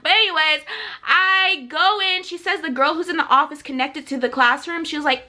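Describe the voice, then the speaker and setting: A teenage girl vlogger telling a personal story in a casual, animated way, full of fillers. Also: sits high, fairly quick. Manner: animated, dramatic retelling with many "like"s.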